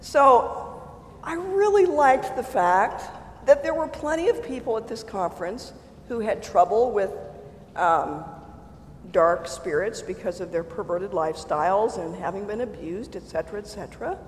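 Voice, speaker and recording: A churchgoer telling a personal faith story in a casual, animated way, often exclaiming and laughing mid-sentence. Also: mid-range voice, moderate pace, slight background noise. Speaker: churchgoer sharing a personal testimony. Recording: roomy hall with long reverb and faint ambience.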